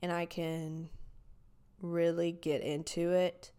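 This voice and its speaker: A young woman with a raspy, nasal voice and a country accent, rambling casually as a podcast host with lots of "like". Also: mid-range voice, expressive, a little slow, darkish tone. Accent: US Southern. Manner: rambling, filler-heavy with frequent "like". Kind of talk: casual solo podcast chat.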